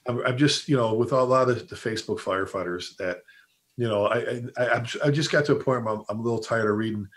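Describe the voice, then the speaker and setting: A middle-aged man talks fast in a loose, casual chat. He tells firehouse stories with a lot of energy and keeps restarting his sentences as the thoughts pile up. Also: medium pitch. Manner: rapid, animated storyteller who restarts sentences and quotes old bosses. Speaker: podcast host and fire service instructor.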